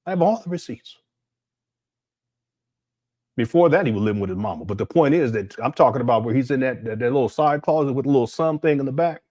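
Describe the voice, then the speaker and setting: Speaking at a medium pitch, this man talks fast but pauses often as he addresses his livestream chat through a desk mic at home. His commentary is rambling and incredulous, full of animated restarts.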